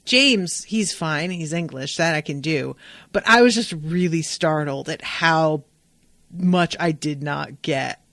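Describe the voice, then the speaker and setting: A woman hosting a podcast, recapping an episode in a casual, animated, profane and digressive way. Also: low voice, takes it slowly, dry recording. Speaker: podcast host.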